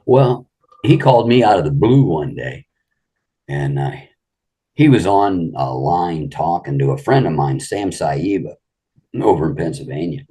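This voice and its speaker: A man's voice: rumbling low, animated, a little slow, warm tone, breathy edge. An older man, a guest, telling rambling anecdotes in a casual interview and saying "you know" often.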